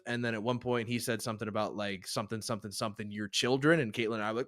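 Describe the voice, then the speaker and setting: A man's voice: mid-range voice, fairly even intonation, very fast, few pauses, fairly bright tone. A man hosting a podcast, chatting casually, telling rambling stories with wry swearing. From Chicago area. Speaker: podcast host. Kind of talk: casual chat.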